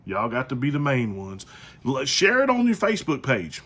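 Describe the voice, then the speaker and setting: A man's voice: medium pitch, wildly swooping pitch, moderate pace, fairly bright tone. A man hosting his own podcast, talking casually and repetitively in slangy, joking asides. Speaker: podcast host. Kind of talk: casual solo podcast monologue.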